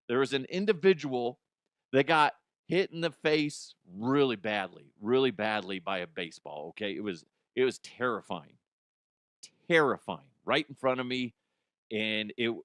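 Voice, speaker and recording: A man's voice: medium pitch, fairly bright tone, no echo, studio quality. A man hosting a podcast, telling stories in rambling, profane casual chat and often laughing at himself. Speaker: podcast host.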